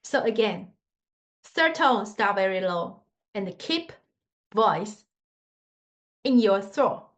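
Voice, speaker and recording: A woman's voice: medium pitch, animated, slow pace, long pauses. A woman teaching a Mandarin lesson in simple non-native English, patiently demonstrating tones with sung scales. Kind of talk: online language lesson.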